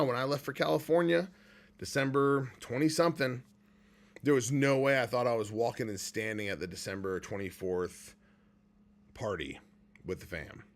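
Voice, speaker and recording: A man speaking live and from the heart, candid and earnest. He is emotional and close to tears, sighing and pausing as he goes. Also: medium pitch, fairly bright tone. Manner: heartfelt and candid, at times choked up with pauses and sighs. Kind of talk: emotional personal livestream talk.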